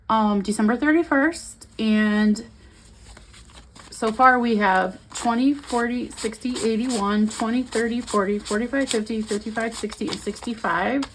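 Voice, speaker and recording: A woman's voice: fairly high pitch, steady tone, measured pace, a little hiss or hum. A woman in her forties chatting casually as a budgeting vlogger, counting bills aloud as she talks. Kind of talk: casual chat.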